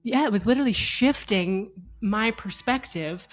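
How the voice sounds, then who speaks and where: A woman in her thirties, a mother and podcast co-host, telling a personal story in a chatty, animated way, with frequent laughs and fillers. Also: medium pitch, moderate pace, soft background music.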